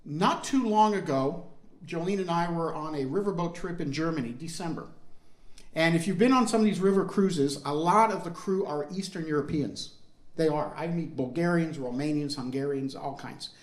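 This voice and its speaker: A man with a fairly high voice tells a story to an audience. He keeps it conversational and asks the listeners questions as he goes. His voice rings in an echoey room. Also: moderate pace. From United States. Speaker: speaker on family history.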